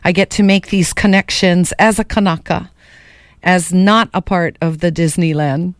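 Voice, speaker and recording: A woman's voice: on the low side, fairly even intonation, moderate pace, no echo, clean studio sound. A middle-aged woman hosting a call-in radio show, speaking with passion and feeling. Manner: passionate, heartfelt.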